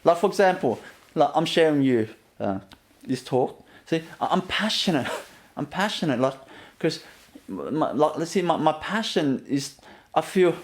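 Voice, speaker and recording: A man giving a gentle inspirational talk as a spiritual teacher, often laughing softly and leaning on "you know" as he repeats himself. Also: a little high, very animated, measured pace. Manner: repetitive, fills with "you know".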